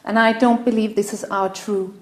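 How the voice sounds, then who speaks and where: Woman, event host, earnest halting speech, middle pitch, live room, echoey. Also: little pitch movement. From Denmark. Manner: earnest, halting, tearful at times. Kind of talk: emotional opening speech. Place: room in front of a live audience. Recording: roomy echo.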